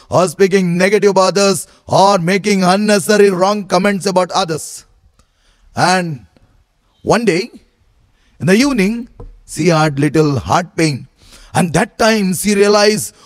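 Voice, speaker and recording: High-voiced male preacher in a hall. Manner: slow, repetitive storyteller. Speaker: priest. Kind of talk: sermon storytelling. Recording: long hall reverb.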